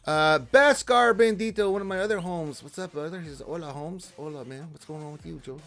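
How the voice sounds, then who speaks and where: A man hosting a casual gaming livestream, greeting viewers by name and answering chat questions in a jokey, animated way. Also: on the high side, a little fast. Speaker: livestream host reading chat.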